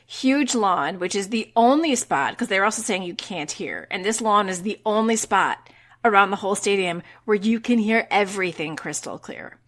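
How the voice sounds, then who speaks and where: Middle-aged woman telling a lively story. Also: medium pitch, normal speed. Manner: lively storyteller, casual swearing. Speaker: podcast co-host. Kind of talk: casual chat, telling a personal story.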